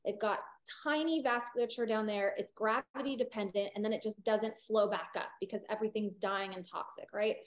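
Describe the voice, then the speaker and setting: This middle-aged woman is a holistic veterinarian from California appearing as a guest in a casual interview. Her medium-pitched voice moves fairly quickly with few pauses, and she rambles with lots of fillers and restarts.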